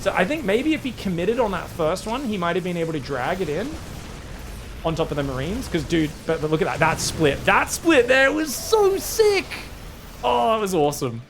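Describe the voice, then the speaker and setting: High-voiced excitable male caster, mock-British accent. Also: fairly quick, noisy background. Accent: put-on British over Australian. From Australia. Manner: excitable, jokey, bursts into loud high exclamations. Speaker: esports caster. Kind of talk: live game commentary.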